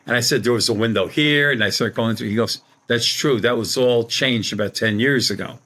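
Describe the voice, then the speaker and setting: Middle aged guy rambling thru a story on a podcast, acts out who said what, normal pitch. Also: normal speed, few pauses, pushed and bright. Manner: rambling, colloquial, acts out quoted dialogue. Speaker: guest, psychic medium. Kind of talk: conversational storytelling.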